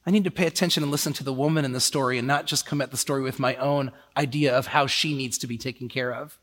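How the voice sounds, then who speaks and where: A man preaching a sermon in a lively, conversational way, often slipping into quoted voices. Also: medium pitch, quick pace, long reverb tail.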